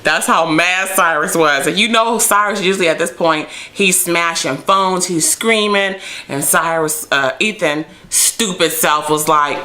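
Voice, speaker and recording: Low bright-voiced woman chatting casually. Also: a little slow, hardly any pauses. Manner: chatty, playful, acts out characters' lines. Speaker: TV episode reviewer. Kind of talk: casual recap vlog.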